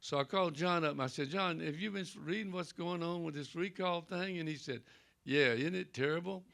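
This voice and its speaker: An older Southern man, a Presbyterian pastor, tells folksy stories on a panel in a library event room and acts out the dialogue. His voice sits fairly high, with vocal fry and a fairly bright tone, and he talks fairly quickly.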